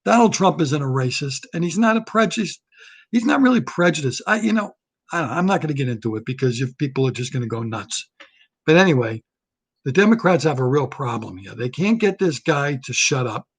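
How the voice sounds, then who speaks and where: A male comedian in a solo rant, blunt and riffing, often repeating himself. His voice sits a touch high for a man. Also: very animated, a little fast, husky.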